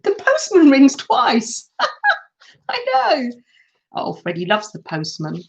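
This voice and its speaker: A woman's voice: sits high, wildly swooping pitch, takes it slowly, vocal fry. A middle-aged woman chatting to viewers as she hosts a crafting live stream, giggling often. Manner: chatty, giggly, talks to viewers while working. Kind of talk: casual crafting tutorial chat. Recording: dull lo-fi sound.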